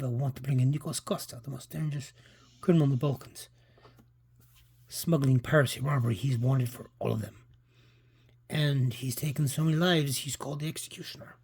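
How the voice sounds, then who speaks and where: A man with a husky voice reading the part of a grim, vengeful aging male police inspector in a comic, trying a Greek accent and stumbling over the lines. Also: medium pitch, a little mellow. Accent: attempted Greek. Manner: plain read-aloud delivery with stumbles.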